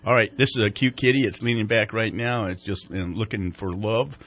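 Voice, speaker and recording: A man's voice: lowish voice, steady tone, brisk, fairly bright tone. A man hosting a TV morning show, chatting casually and telling rambling jokes. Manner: joking, rambling storyteller. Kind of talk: casual chat.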